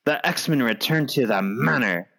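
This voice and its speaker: A man co-hosting a movie podcast, calmly explaining his opinions in casual chat. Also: medium pitch, unhurried, creaky. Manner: thoughtful, explains his views with many "like"s. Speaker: podcast co-host.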